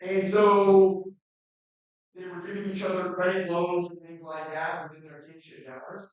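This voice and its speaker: A man's voice: sits high, normal speed. Man lecturing in an echoey classroom. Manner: conversational, animated, acts out quotes. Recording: echoey, distant, dull recording.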